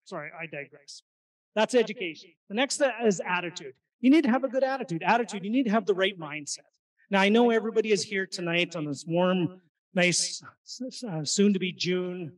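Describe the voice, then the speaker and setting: A man gives an energetic seminar talk to a live crowd, firing questions at the audience. His voice sits high for a man. He sounds some way off the microphone in a meeting room. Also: moderate pace, recorded from a distance, poor audio. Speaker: real estate investing presenter. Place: meeting room at an investor event.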